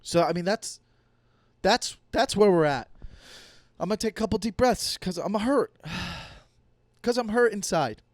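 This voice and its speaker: A man's voice: high voice, animated, a little slow, no echo. A young man hosting a comedy podcast alone, ranting in a heated, profane, rambling way. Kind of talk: solo comedy podcast rant.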